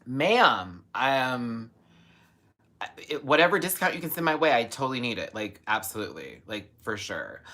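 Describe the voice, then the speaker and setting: Bright-voiced man gushing on a live stream. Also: measured pace. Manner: animated, gushing, sudden high squeals. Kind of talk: casual live stream chat. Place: home, in Los Angeles.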